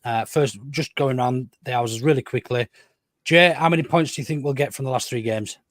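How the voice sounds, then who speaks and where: A man's voice: mid-range voice, fairly quick, dry recording, studio quality. A man hosting a casual football podcast, steering the chat and putting questions to his guests. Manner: leads the talk, puts questions to the guests. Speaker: podcast host.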